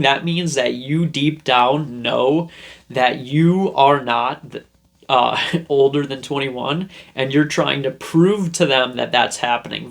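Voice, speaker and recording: A young man hosts a self-help video, talking casually to camera and rambling through a story he acts out in put-on voices. His voice is medium-pitched with vocal fry and a bit of brightness.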